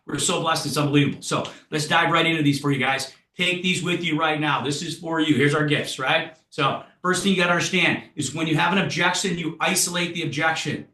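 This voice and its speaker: A man running a sales training session, talking with high excitement and punchy, hyped delivery. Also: fairly quick, few pauses. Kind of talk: energetic sales training talk. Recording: roomy echo.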